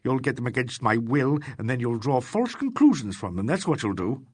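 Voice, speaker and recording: A man reading an audiobook, voicing a frightened, furtive suspect who pleads and protests in a husky voice. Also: medium pitch, sing-song, a little fast, darkish tone. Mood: pleading. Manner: pleading, tearful, indignant outbursts.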